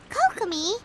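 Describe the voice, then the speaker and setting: A woman's voice: extremely high pitch, exaggerated voice. A woman voicing a tiny, chirpy, nosy fairy companion in a video game who talks about herself in the third person.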